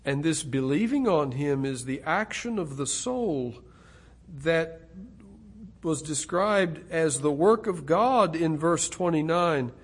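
A middle-aged man preaching an expository sermon, slow and deliberate, rising to loud emphatic stresses. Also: on the high side, animated, slightly rough.

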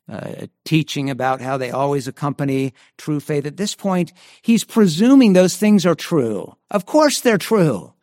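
A man's voice: fairly high pitch, no echo, clean studio sound. A man preaching a sermon in an earnest way, often restarting and repeating words as he goes. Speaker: pastor.

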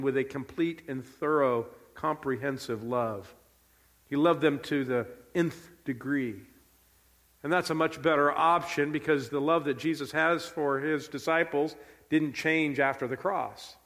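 A pastor preaches a sermon in a large hall, his voice sitting on the high side with a slight brightness. He is earnest and emphatic, repeating key phrases.

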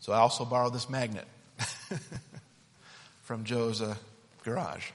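A man's voice: medium pitch, fairly even intonation, slow pace, pauses often, in a large hall. A man preaching a sermon built around a hands-on object lesson, talking in a conversational, playful and demonstrative way.

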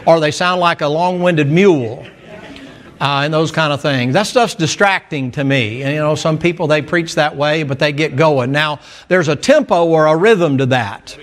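A man's voice: on the high side, normal speed. A male preacher delivers a sermon in a folksy, storytelling manner. He makes emphatic asides to his listeners, and his voice sits a little above the middle for a man.

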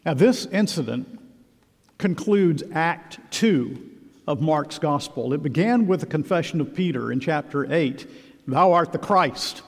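Preacher with a long hall echo. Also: male voice, on the high side, darkish tone. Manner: earnest, emphatic preaching with measured pauses. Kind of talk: sermon. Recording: long reverb of a large hall.

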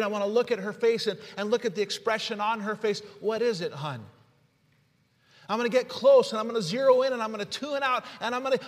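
High-voiced male preacher in a reverberant hall. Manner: swings from hushed to shouting; storytelling with illustrations. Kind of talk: sermon.

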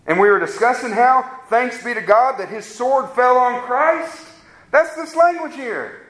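A man preaching a sermon as a pastor, with rising emphatic peaks and slow, drawn-out stresses on key words. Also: very high voice, fairly bright tone, echoey room, rough recording.

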